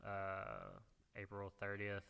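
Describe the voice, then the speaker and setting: A male comedian on a casual podcast, with a bright, forward tone and a smooth, resonant voice. He talks in an easygoing, agreeable way, trading stories with his co-host. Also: deep voice, big pitch swings, takes it slowly.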